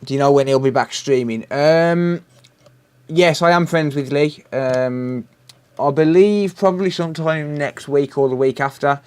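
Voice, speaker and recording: Relaxed British male streamer, casual chat to viewers mid-repair. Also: fairly high pitch, a little slow, smooth. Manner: chatty, answers viewer messages while working, says "mate" often. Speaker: repair livestream host.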